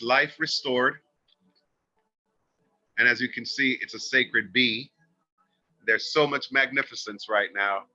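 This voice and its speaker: A man giving a livestreamed oracle card reading, talking in a soft, earnest, emotional and spiritual way. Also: mid-range voice. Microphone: phone. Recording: dull lo-fi phone livestream audio.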